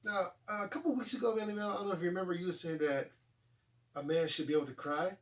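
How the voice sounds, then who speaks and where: Animated forty-something man, slightly distant mic. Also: high voice, fast. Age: 40s. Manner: animated, laughing storyteller acting out quotes. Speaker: talk show host. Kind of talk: casual chat.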